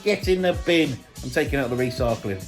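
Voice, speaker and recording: A man's voice: mid-range voice, lively intonation, brisk, soft background music. A young British man, a fitness coach, chatting casually and energetically through a day-in-the-life vlog, swearing freely as he goes.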